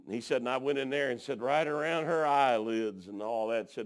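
A man preaching a folksy sermon, telling stories and dropping frequent amens, swinging from hushed to shouting. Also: medium pitch, a little fast, few pauses.

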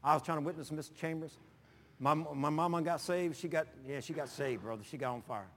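A man pastor preaching in a folksy, animated way, telling personal stories with sudden loud bursts. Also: on the high side, brisk, long reverb tail, slight background noise.

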